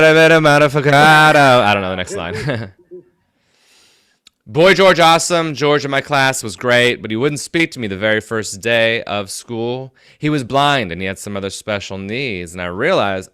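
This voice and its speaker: A man performing a stand-up set, telling self-mocking stories with quick asides. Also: mid-range voice, pushed and bright, clear, resonant tone, dry recording, studio quality. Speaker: stand-up comedian.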